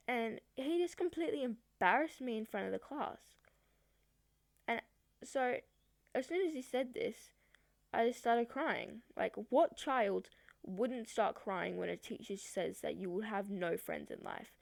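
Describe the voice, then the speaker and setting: A woman's voice: a little high, lively intonation, a little slow, creaky, no room sound, studio quality. A woman vlogger telling a personal story in a chatty, rambling way, with many fillers. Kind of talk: storytime vlog.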